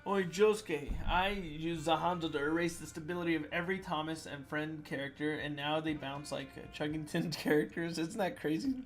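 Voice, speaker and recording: A man reading submitted fan jokes out loud in a playful comedic voice, with sudden loud swings. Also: on the high side, moderate pace, hardly any pauses, soft background music.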